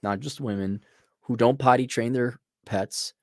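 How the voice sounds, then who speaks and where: A man hosting a casual livestream, reading viewer donations aloud and answering them in a blunt, sardonic way, often mocking people in a put-on high voice. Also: a little slow, dry recording, studio quality.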